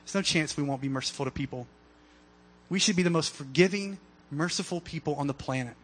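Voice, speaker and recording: A man's voice: fairly high pitch, a little fast, husky. A man preaching a sermon in a casual, conversational way, full of fillers and acted-out voices from the story. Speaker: pastor.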